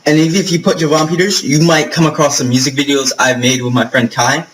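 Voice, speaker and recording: A man's voice: fairly high pitch, flat delivery, brisk, fairly bright tone, slight background noise, low-quality recording. A young man from New York talking straight to camera, telling rambling, profane stories full of fillers. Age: young adult. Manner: chatty, profane storytelling with lots of fillers. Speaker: vlogger. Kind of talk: casual vlog monologue.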